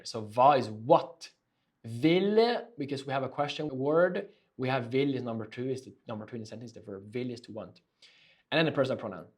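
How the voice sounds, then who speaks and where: Joking Norwegian-accented language teacher. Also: male voice, mid-range voice. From Norway. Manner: joking, playful explaining. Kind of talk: casual podcast lesson.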